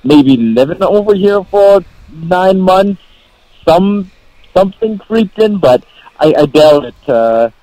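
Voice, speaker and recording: A man's voice: high voice, animated, slow, warm tone, no room sound, rough recording. A man with a Canadian accent answering interview questions as a guest, laid-back and repeating words. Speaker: guest fighter.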